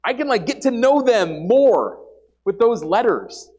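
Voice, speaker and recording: Young man, lay preacher, high voice, lively pitch, earnest, emphatic, repeats himself, casual church sermon. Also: a little slow, slightly rough. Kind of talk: informal sermon. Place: church service before a congregation.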